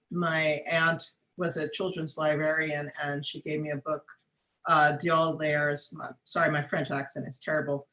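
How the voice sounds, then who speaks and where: A woman's voice: low voice, fairly bright tone. Woman on a video call, um-ing thoughtfully, lots of room echo. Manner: thoughtful, pausing with frequent fillers. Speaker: guest artist. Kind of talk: conversational interview.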